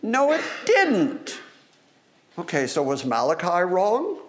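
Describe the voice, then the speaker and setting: A man's voice: high-pitched, takes it slowly. A man preaching a sermon, teaching from scripture and acting out the voices of the people in the story. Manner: animated, acts out voices of questioners. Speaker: pastor.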